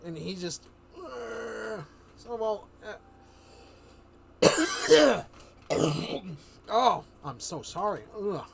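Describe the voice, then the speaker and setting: A man streaming live, telling a fantasy adventure story in a rambling, animated way, full of fillers and restarts. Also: sits high, extremely slow, creaky, long pauses, crowd noise.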